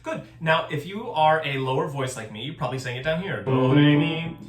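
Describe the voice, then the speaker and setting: A man's voice: a little high, lively intonation, brisk, fairly bright tone, soft background music. Man teaching a choir lesson, echoey room. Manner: patient, step-by-step instruction with sung examples. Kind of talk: recorded music lesson.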